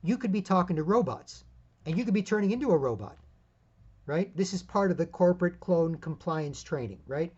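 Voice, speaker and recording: A man's voice: high voice, lively intonation, fairly quick, a little mellow, husky, highs cut off. A man hosting his own independent media show, giving a rambling, emphatic solo commentary full of asides.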